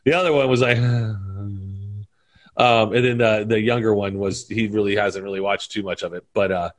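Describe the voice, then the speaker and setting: A man's voice: lowish voice, fairly even intonation, moderate pace. A man in his forties chatting casually as a podcast guest, rambling through stories and tossing out movie quotes between laughs. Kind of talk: casual chat.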